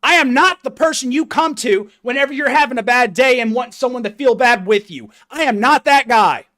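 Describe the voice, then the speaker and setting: A man's voice: very high-pitched, fairly quick, pushed and bright. A fitness coach delivering a blunt, profane, confrontational motivational rant straight to his viewers.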